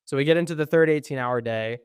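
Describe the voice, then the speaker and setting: A man's voice: a little high, fast, smooth, dry recording, studio quality. A young man co-hosting a podcast, telling a long story with lots of ums and acting out what people said. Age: young adult. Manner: animated storyteller, acts out quoted exchanges, frequent ums; swears when frustrated. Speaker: podcast co-host. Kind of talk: casual storytelling chat.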